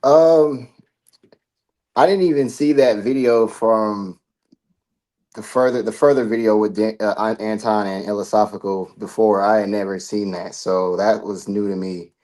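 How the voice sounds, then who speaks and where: A man's voice: on the low side, fairly even intonation, measured pace, darkish tone. A man on a livestream panel giving his view hesitantly, with many fillers. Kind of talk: casual chat.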